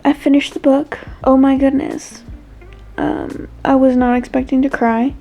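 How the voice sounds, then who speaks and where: A woman's voice: high-pitched, little pitch movement, unhurried, music in the background, poor audio. A woman chatting expressively to her viewers in a casual reading vlog. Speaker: book vlogger.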